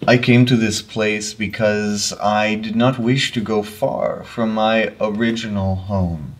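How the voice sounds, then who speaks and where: A solemn, ancient red-eyed elder voiced by a man speaks in a put-on Russian accent, low and heavy. He lingers on every phrase, slow and weary. The voice sits back from the mic. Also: steady tone, recorded from a distance. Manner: slow, grave, heavily paused.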